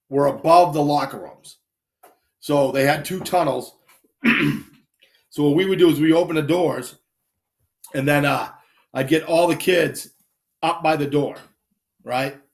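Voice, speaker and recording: A man spins casual stories on a live stream, his voice sitting a little high for a man. He keeps the pace loose and acts out other people's lines as he goes. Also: a little slow, creaky, pauses often. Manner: animated anecdotes, acts out voices and shouts. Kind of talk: casual storytelling.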